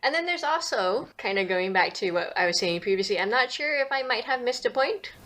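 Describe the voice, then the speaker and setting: A woman's voice: fairly high pitch, expressive, brisk, a bit bright. A woman co-hosting a casual podcast, thoughtful and hedging, laughing easily. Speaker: podcast co-host. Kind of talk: casual chat.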